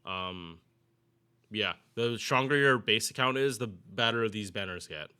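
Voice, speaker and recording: A man's voice: fairly low pitch, a little slow, bright, forceful tone, clean tone. A man giving casual, rambling game commentary to his viewers, often restarting his sentences and chatting directly to them. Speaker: gaming YouTuber.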